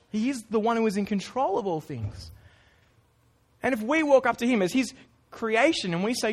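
Male preacher, high voice, earnest, chatty sermon delivery. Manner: casual, earnest, with informal asides. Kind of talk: conversational sermon.

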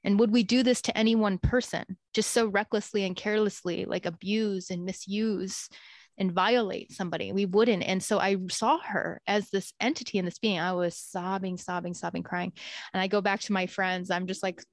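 A woman's voice: medium pitch, steady tone, moderate pace, no room sound. A woman earnestly telling a heartfelt personal story in casual conversation.

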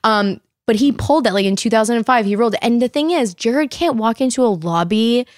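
A woman's voice: a little high, fairly quick, no echo. Chatty woman telling stories in a dry room. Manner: animated storyteller, heavy "like", acts out quotes. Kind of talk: casual chat.

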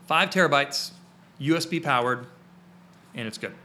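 A man's voice: medium pitch, animated, normal speed, sharp tone, a little hiss or hum. A man co-hosting a photography podcast in casual, rambling chat, full of fillers and restarts, recorded in his small studio. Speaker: podcast co-host and photography teacher.

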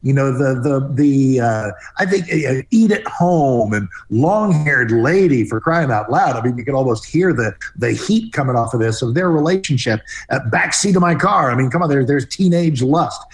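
A man in a casual podcast conversation, speaking passionately and rambling a bit as he searches for words. His voice sits at an ordinary middle pitch. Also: expressive, moderate pace, hardly any pauses. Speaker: podcast guest or co-host. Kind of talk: casual music discussion.

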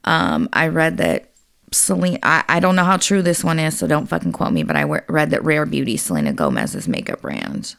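Low gravelly woman cohost, swears a lot, voice goes up and down a ton. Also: sing-song, a bit bright. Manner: blunt, swears casually, quick interjections. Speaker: podcast co-host. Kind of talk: casual chat.

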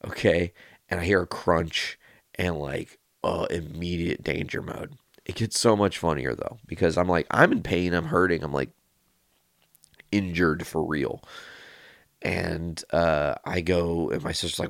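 A man hosting his podcast, telling a personal story in a casual, rambling, animated way and swearing freely. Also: low-pitched, moderate pace, creaky, no room sound, clean studio sound. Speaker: podcast host.

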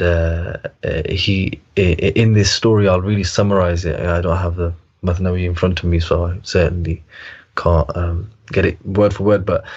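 A man's voice: low-pitched, dull audio. A man telling a story in reflective conversation, hesitant and full of fillers and restarts.

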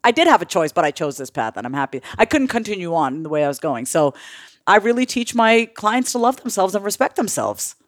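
Woman, middle-aged, life coach, blunt, animated, swears casually, dry close sound. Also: mid-range voice, brisk, no room sound. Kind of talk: podcast conversation.

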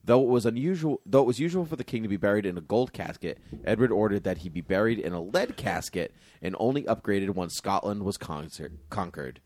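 Brief: low-pitched male host reading history aloud, cracking jokes between lines, dry close sound. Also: brisk, few pauses, no echo. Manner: jokey, animated asides while reading aloud. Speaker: podcast host. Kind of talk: casual chat, reading from a history book.

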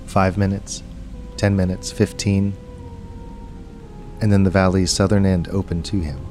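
Deep-voiced man narrating a story. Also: level tone, a little slow, a little mellow, soft background music. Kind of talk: scripted audiobook narration.

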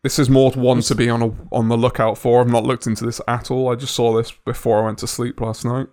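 A man co-hosting a podcast in casual chat, talking in a measured way and reasoning things through. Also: medium pitch, level tone, a little mellow. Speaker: podcast co-host.

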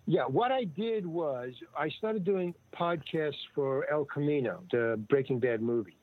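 An older man, an interview guest, telling stories in a rambling, casual way, full of restarts and lively retold dialogue. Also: on the high side, measured pace, no room sound. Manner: rambling, with many restarts and animated retelling of dialogue. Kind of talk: casual storytelling. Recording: dry, tinny phone-like line.

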